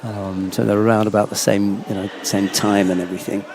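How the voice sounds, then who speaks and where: A man's voice: on the low side, little pitch movement, brisk, background noise. A man commentating live on a judo event, chatty and anecdotal. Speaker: sports commentator.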